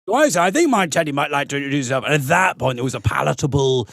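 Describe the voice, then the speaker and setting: A man's voice: medium pitch, very fast, creaky, no room sound, studio quality. A man, a comedian guest, telling a childhood story in casual podcast chat and slipping into silly voices. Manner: animated storyteller who slips into silly voices.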